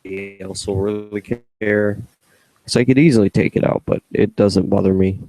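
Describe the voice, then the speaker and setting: A man's voice: fairly low pitch, fairly even intonation, moderate pace, warm tone, dry recording. A young man rambling to himself as he edits his podcast, humming and trailing off in a self-deprecating way. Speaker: podcaster editing his show. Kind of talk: casual mumbled self-talk.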